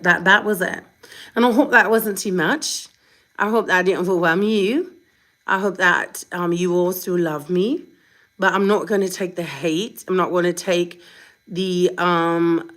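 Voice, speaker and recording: Woman vlogger, slightly low voice, tired, blunt and defiant, unscripted direct-to-camera talk. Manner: blunt, defiant, chatty and emphatic. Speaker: vlogger, mother.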